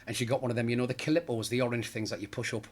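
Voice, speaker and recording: A man's voice: mid-range voice, fairly even intonation, very fast. A middle-aged man, a pantomime comic chatting jokily in an interview and laughing at his own stories. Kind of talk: casual interview chat.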